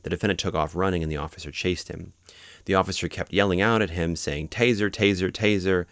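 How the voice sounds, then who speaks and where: A man with a very low, gravelly voice talks through legal cases in a relaxed lecture. He explains each point step by step and adds everyday examples to make it clear. The sound is close and dry. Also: fast, dry recording. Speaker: podcast host explaining court cases.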